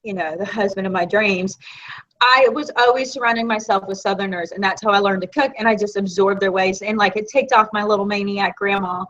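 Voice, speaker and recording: A Floridian woman with a Southern American accent co-hosts a casual live video chat, telling stories in an animated, chatty way. Her mid-range voice moves fairly quickly, and the lo-fi recording sounds dull.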